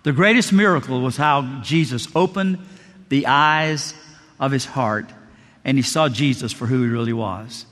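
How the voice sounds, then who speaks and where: A male pastor preaching a sermon, dramatic, slowing and dropping low on key words. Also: a bit bright. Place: church sanctuary. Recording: long reverb of a large hall.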